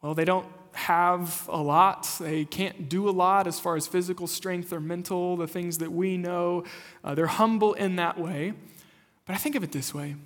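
Male pastor, high voice, storytelling sermon, reverberant church hall. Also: fairly bright tone. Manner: storytelling, conversational, then earnest and preaching. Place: church sanctuary.

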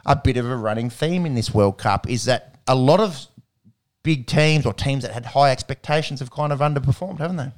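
Australian male host, smooth, clear voice, chatty, slangy rambling delivery for sports banter. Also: mid-range voice, brisk. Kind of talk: casual sports chat.

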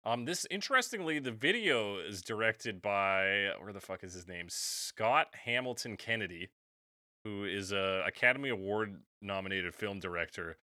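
Low-voiced man in casual wry chat. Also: lively intonation, normal speed, bright, forceful tone, dry recording, studio quality. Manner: wry, joking, swears casually. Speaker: podcast co-host.

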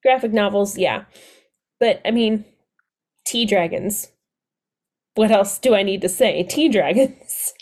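A woman's voice: mid-range voice, a little slow, long pauses, a little mellow. Gushing woman chatting about books. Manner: gushing, enthusiastic, laughs often. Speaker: podcast co-host. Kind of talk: casual chat about books.

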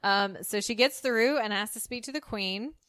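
A woman's voice: fairly high pitch, a bit bright, clear, resonant tone, no room sound, studio quality. A woman co-hosting a casual podcast, retelling a sitcom episode and briefly voicing the characters as she quotes them. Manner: retells scenes, slipping into quick character voices for quotes. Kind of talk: casual chat.

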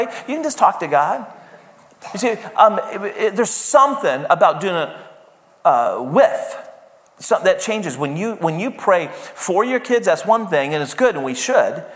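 High-voiced male pastor in reverberant hall. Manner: conversational, emphatic, often checks in with "right?". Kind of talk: sermon.

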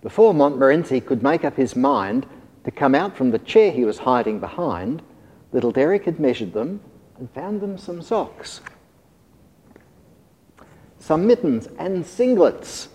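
Male storyteller, expressive sing-song delivery, lively pitch, mellow tone, in a reverberant hall. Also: unhurried, pauses often. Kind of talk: rhyming storybook read-aloud.

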